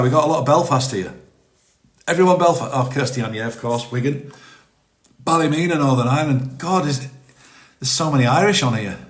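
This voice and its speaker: Chatty British man, roomy echo. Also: mid-range voice. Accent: British, mixed Welsh, Manx and Teesside. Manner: chatty, rambling, answers viewer comments. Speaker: live-stream host. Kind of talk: casual live-stream chat. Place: home in Spain. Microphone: phone.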